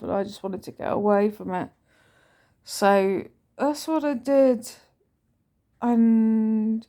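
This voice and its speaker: Slow, mellow woman vlogging. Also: fairly low pitch. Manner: rambling, chatty storytelling. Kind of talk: casual storytelling vlog.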